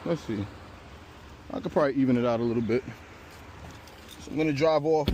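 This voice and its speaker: Medium-pitched and brisk, a man talks viewers through a tow job for his vlog while catching his breath. He stays laid-back, addressing the camera and swearing now and then, outdoors on a street and inside a pickup, with faint traffic noise around.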